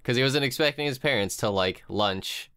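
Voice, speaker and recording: A man's voice: mid-range voice, moderate pace, bright, forceful tone, smooth, no room sound, clean studio sound. A young man co-hosting a podcast, playful and teasing, giggling often. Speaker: podcast co-host. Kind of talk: casual chat. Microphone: call mic.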